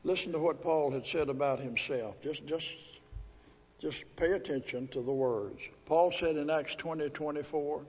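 A man preaching a sermon as pastor, pleading and emphatic, drawing out scripture verses slowly. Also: a little high, darkish tone, breathy edge. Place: church sanctuary. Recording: echoey hall with long reverb.

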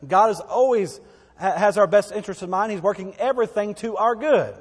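Folksy preacher in a reverberant hall. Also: male voice, sits high, fairly quick, breathy edge. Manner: conversational, folksy preaching with asides and repetitions. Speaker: pastor. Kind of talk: sermon.

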